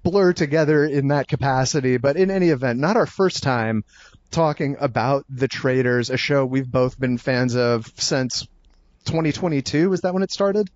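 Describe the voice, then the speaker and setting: A man's voice: medium pitch, moderate pace, no room sound, muffled recording. A man hosting a casual podcast chat, rambling and apologetic, often tripping over his words. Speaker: podcast host.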